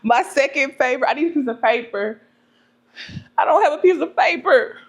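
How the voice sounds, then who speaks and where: A young woman telling stories to camera in a vlog, animated and laughing often. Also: high-pitched. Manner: animated, laughs often, talks fast when excited. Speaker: vlogger. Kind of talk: casual storytelling to camera.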